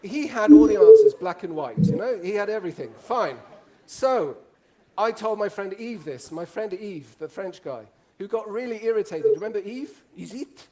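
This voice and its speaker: Speaking to a live audience, this man from Italy, whose first language is Italian, tells stories with plenty of jokes and questions for the crowd. His voice is high and animated, and he keeps a moderate pace with few pauses.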